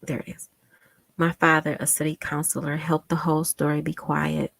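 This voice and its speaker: A woman with a notably low voice hosts a casual live stream, reading viewer comments aloud. She speaks with impassioned emphasis, repeating phrases to drive them home, and at times sinks to a hushed near-whisper. The sound is dry and close, with no room echo. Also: little pitch movement, moderate pace, vocal fry. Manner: drops to a hushed near-whisper when moved. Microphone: home desktop setup with monitor.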